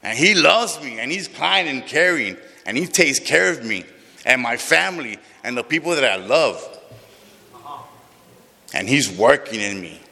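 A man's voice: mid-range voice, expressive, measured pace, creaky, pushed and bright, breathy edge. A man sharing his recovery story with a group, raw and emotional, swearing often, heard in a large room. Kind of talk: personal recovery testimony to a group. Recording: long reverb of a large hall.

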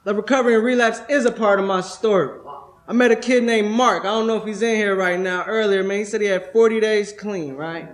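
Young guy talking at a recovery convention, high voice, swears a lot, keeps saying right?. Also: brisk. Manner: streetwise, profane, peppers with "right?". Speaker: workshop speaker at a recovery convention. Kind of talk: testimony-style workshop talk. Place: convention room.

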